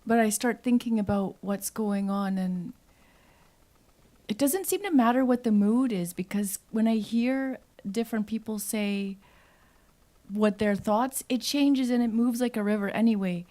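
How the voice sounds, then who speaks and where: A woman's voice: on the high side, unhurried, dark tone. Woman, open mic performer, unscripted storytelling, rambling, playful, acts out family voices. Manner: rambling, laughs often, acts out family talk. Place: live venue.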